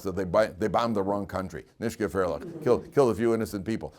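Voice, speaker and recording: A man teaching a Torah class as a rabbi, animated and storytelling, acting out quoted lines with frequent restarts and laughter. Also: on the low side, fast, hardly any pauses. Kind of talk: lively Torah lecture.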